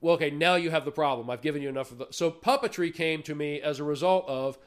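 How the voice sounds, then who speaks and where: Interview guest, man, somewhat high-pitched, loose rambling storyteller. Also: quick pace. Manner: rambling storyteller, lots of restarts. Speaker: interview guest, artist and puppet builder. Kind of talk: casual interview chat.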